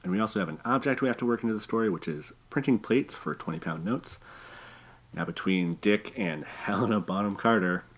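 A man's voice: lowish voice, brisk. A man hosting a casual improv podcast, upbeat and laughing often. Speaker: host.

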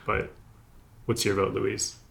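Eager low-voiced man pitching ideas. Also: completely flat delivery, slow, vocal fry, a bit bright. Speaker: podcast co-host. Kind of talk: casual comedic brainstorm chat.

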